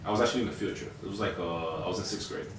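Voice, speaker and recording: A man in his thirties co-hosting a podcast, telling stories in a casual, animated way with plenty of fillers and casual swearing. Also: low-pitched, very fast. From Hispanic household. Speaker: podcast co-host. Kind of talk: casual storytelling chat. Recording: echoey room, mic at a distance, faint hiss.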